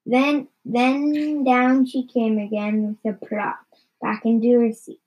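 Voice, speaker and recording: A woman reading a children's story aloud in a halting way, often stumbling and repeating words. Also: a little high, flat delivery, darkish tone, dull audio. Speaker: reader.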